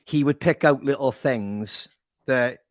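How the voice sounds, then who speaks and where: Animated, swearing man telling stories. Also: medium pitch, slow, dry recording, studio quality. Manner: swearing, animated storytelling with impressions. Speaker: band member co-hosting podcast. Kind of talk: casual chat.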